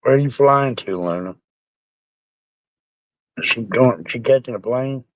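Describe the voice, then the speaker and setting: A man's voice: mid-range voice, unhurried, dry recording, poor audio. A man chatting casually and rambling with his viewers on a live stream, sounding like he has a bad cold. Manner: rambling, salty, joking.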